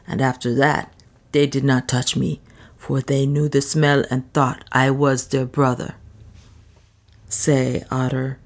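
A woman voicing Otter, a fierce, proud dwarf guide who speaks solemnly and formally. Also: very deep voice. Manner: solemn, vengeful, formal old-fashioned speech.

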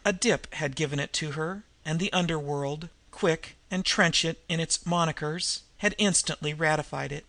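A man reading a novel aloud in measured, even storytelling narration. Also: fairly high pitch, dry recording. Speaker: audiobook reader. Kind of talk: scripted narration.

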